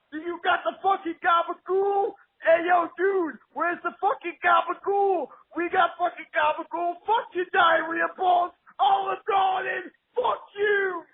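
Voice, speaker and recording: A male caller voicing a brash, loud, cursing young Jersey guy who stands for a restaurant, in a phone message. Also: extremely high pitch. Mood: furious. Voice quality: shouty, cursing, hot-headed. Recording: tinny phone line.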